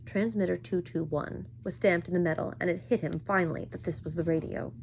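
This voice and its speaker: A woman reading a novel aloud at a measured pace, with occasional small slips. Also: on the low side, fairly even intonation, creaky, a little mellow, slight background noise. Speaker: reader.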